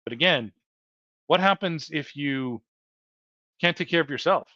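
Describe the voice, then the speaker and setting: Unhurried and slightly high-pitched, this host's pushed, bright voice urges his livestream "folks" on with sincere, repetitive motivation. The dry recording has a dull, lo-fi quality.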